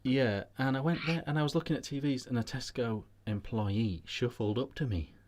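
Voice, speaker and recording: A man's voice: mid-range voice, normal speed, a little mellow. A British man hosting a casual vape chat show, telling rambling anecdotes with many restarts.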